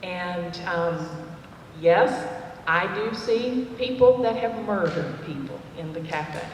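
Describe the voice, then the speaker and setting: A woman telling a personal story to a women's dinner, slow and chatty with fillers. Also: lowish voice, expressive, a little hiss or hum. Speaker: cafe owner speaking at a women's dinner. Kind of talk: personal testimony talk. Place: church fellowship hall. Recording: echoey hall, voice from far off.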